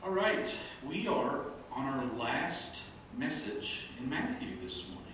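A man's voice: fairly high pitch, unhurried. A man preaching a sermon as a pastor, telling jokes and laughing as he goes. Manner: animated, laughs at own jokes. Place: church sanctuary. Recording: echoey room from a distance, background noise.

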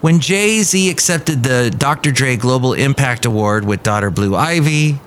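A man at an ordinary middle pitch hosts a casual solo podcast on music news. He rambles, gives strong opinions and reads quoted lines with lively swings in pitch. A faint hiss of noise sits under his voice. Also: a little slow. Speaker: podcast host.

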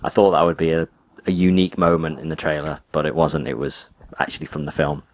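A man's voice: very deep voice, fairly even intonation, fast talker. A man, co-hosting a podcast in casual, rambling chat with lots of restarts. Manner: rambling, laughs a lot, many restarts. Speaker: podcast co-host.

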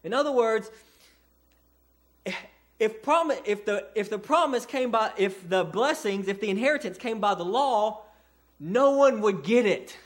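A man's voice: high-pitched, expressive, normal speed, fairly bright tone. A man preaching a sermon in a church, reading scripture and explaining it earnestly, often restarting and repeating words. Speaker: pastor. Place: church sanctuary.

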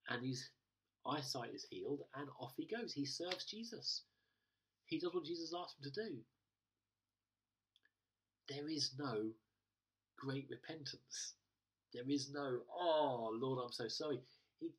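Husky-voiced pastor preaching from a distance. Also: male voice, medium pitch, a bit bright. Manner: conversational, with frequent restarts and hesitations. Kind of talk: sermon.

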